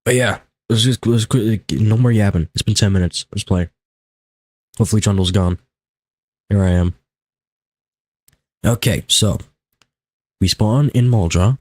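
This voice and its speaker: A man's voice: lowish voice, measured pace, long pauses, dry recording. A young man commentating a live game stream in a casual, rambling way, still groggy in his morning voice, on a desk mic at his home setup. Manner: casual, rambling, self-talk while playing. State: groggy just-woke-up morning voice. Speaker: livestreamer.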